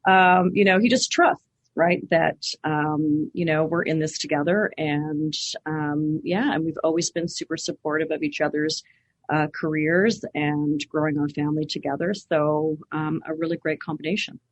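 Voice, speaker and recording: A woman's voice: sits low, steady tone, moderate pace, no echo, lo-fi sound. A middle-aged woman from Canada, a guest on a podcast, animatedly telling stories and acting out the voices she quotes. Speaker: podcast guest, clinic owner. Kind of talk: casual interview storytelling.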